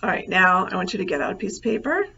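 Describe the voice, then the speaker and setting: A woman lecturer recording a lesson over slides, relaxed and thinking aloud with many fillers. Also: medium pitch, fast talker, creaky. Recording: slightly dull, faint noise.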